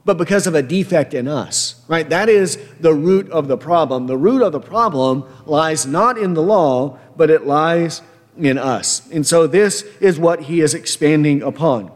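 A man preaching an expository sermon, emphatic and often checking in with a quick "right?". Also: a little high, long reverb tail. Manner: emphatic, frequent tag question "right?".

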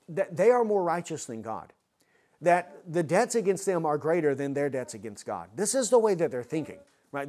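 A man's voice: fairly high pitch, warm tone. A man preaching an expository sermon, earnest and full of rhetorical questions.

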